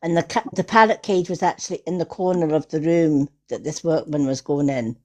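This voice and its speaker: Woman, lower voice, chatty storyteller for a live-stream scene. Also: brisk, dark tone. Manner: chatty anecdotes with frequent laughter. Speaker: tarot reader hosting a live stream. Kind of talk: casual chat, storytelling. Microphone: phone or computer on a live stream.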